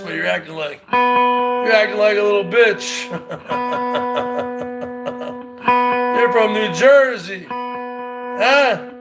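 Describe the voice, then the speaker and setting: A man doing a comic impression of a brash loudmouth who taunts a rival over and over in shouty bursts. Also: sits high, creaky, exaggerated voice. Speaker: parody comedian. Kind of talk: comedic impression rant.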